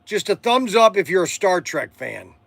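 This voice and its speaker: A man's voice: sits high, very animated, moderate pace, creaky, fairly bright tone, dry recording. A middle-aged man, hosting a casual livestream and rambling through a story with restarts and fillers. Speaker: livestream host and shop owner.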